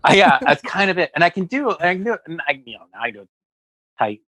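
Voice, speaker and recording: A man's voice: on the high side, sing-song, quick pace, bright, forceful tone, dry recording, rough recording. A man who is a comedian, telling rambling stories in a casual podcast chat and acting out quotes. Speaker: comedian guest. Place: West Hollywood.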